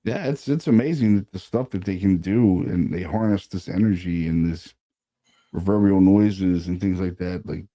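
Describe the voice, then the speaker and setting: Very dark-voiced laid-back man. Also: sits low, normal speed. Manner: laid-back, peppers talk with "you know what I mean" and "man". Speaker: paranormal investigator. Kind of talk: casual chat.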